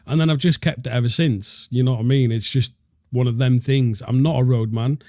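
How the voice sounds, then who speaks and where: A man's voice: mid-range voice, steady tone, a little fast, mellow. A man from Wales with a Welsh accent, co-hosting a casual football chat and rambling with frequent restarts. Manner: rambling, self-interrupting. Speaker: co-host.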